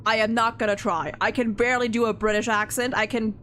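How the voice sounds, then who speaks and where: A woman's voice: a little high, flat delivery, fast talker, a bit bright, slight background noise. Chatty young woman streamer. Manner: chatty, many restarts and fillers, laughs easily. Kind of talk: casual let's-play commentary.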